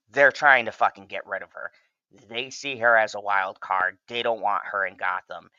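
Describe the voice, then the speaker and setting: A man's voice: lowish voice, pushed and bright, no room sound, muffled recording. A man casually recapping a crime drama episode in a loose, profane review. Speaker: show reviewer.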